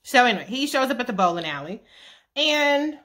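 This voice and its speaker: A woman's voice: on the high side, big pitch swings, fairly quick, fairly bright tone. A woman casually recapping a TV series with profane, sassy asides. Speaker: show recap vlogger.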